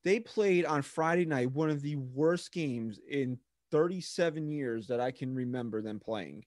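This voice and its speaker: A man's voice: medium pitch, unhurried, darkish tone, no echo, studio quality. A man co-hosting a casual sports podcast, blunt and exasperated, who calls his co-host bro and dude.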